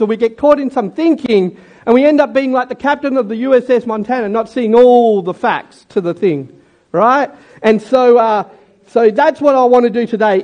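High-voiced male preacher. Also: darkish tone, lo-fi sound. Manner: jokey and conversational. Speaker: pastor. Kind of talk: sermon.

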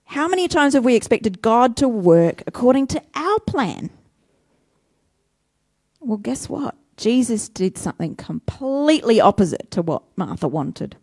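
Brief: female preacher, chatty and self-deprecating, somewhat high voice, dry recording. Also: big pitch swings, a little slow, darkish tone, breathy edge, dry recording. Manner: conversational, self-deprecating, rhetorical questions. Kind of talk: sermon.

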